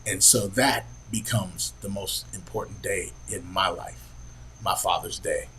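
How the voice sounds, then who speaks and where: A middle-aged man hosting a podcast, telling a family story in an earnest, halting way with many pauses and fillers. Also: low voice, sharp tone, a little hiss or hum, low-quality recording. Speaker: podcast host. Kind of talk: personal storytelling.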